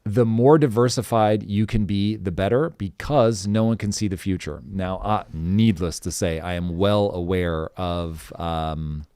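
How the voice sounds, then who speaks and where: A middle-aged man hosting a live podcast stream, chatting casually and hyping up the chat with shout-outs. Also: low voice, unhurried, hardly any pauses, clean tone, dry recording, clean studio sound. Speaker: podcast host.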